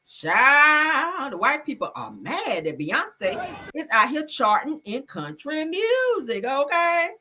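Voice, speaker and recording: A woman's voice: sits high, sing-song, takes it slowly, bright, forceful tone, slight background noise. Sassy, emphatic woman streamer. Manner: sassy, emphatic, profane, addresses viewers. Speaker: streamer and commentary host. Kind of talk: casual commentary livestream.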